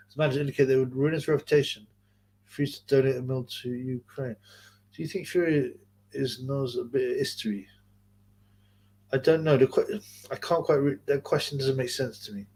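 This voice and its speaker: A man hosting a casual livestream, rambling, swearing freely and laughing often as he tells stories and reads questions. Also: on the high side. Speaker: livestream host.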